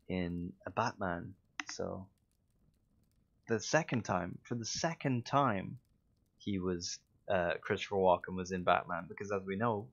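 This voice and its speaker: A man's voice: deep voice, dull audio. A man with a Dublin Irish accent, a voice actor chatting casually on a livestream, telling stories with lots of fillers and self-mocking asides. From Ireland. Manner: anecdotal, self-mocking, with frequent fillers and restarts. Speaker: voice actor streaming.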